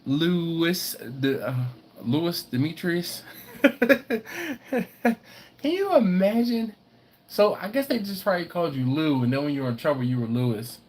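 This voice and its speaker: A man's voice: on the high side, unhurried. A middle-aged man, hosting a casual livestream and telling stories while reading viewer comments aloud. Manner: storytelling, reads chat aloud, animated when excited. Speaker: BBQ channel host.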